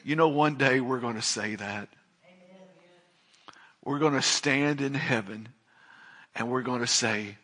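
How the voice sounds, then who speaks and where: A man's voice: mid-range voice, measured pace, pauses often, bright, forceful tone. A man preaching a sermon, reading scripture aloud, praying, then preaching with rising emphasis. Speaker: pastor. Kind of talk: sermon with Bible reading and prayer.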